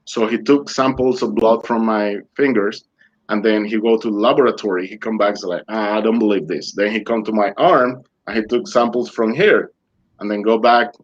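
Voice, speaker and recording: Male guest, storyteller in non-native English, animated, slips into the voices of the people in his story. Dull, lo-fi remote-call sound. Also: on the low side, moderate pace. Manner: animated, acts out dialogue in other voices. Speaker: interview guest. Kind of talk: personal storytelling. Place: remote online interview.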